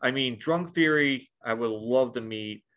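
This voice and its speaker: A man's voice: medium pitch, unhurried, fairly bright tone, clear, resonant tone. A man chatting casually on a podcast, rambling with lots of restarts and the odd swear. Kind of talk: casual chat.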